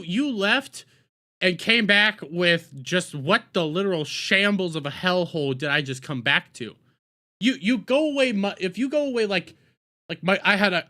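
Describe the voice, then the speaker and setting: Here a streamer with a fairly high-pitched voice talks through a video he's reacting to. His chatter is casual, excitable and profane, wandering off into jokes with viewers.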